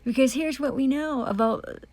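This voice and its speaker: A woman who calls herself a foreign diplomat gives an angry testimony, ranting with furious, profane accusations, repeating herself and restarting phrases. Her voice is high-pitched and a little mellow, at a moderate pace, with no echo and faint music in the background.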